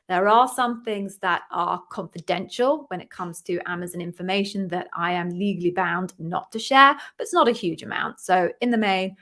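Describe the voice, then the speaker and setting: A woman's voice: lowish voice, a bit bright. A woman coaching viewers in a chatty live-stream Q&A, upbeat and encouraging. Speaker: interview coach hosting a live Q&A.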